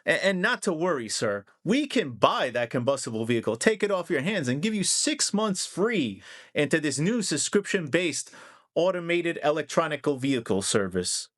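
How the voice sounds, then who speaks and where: A man's voice: on the high side, very animated, normal speed, a bit bright, dry recording, clean studio sound. A man putting on the voice of an overly cheerful male insurance salesman, falsely reassuring and salesy. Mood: chirpy salesy.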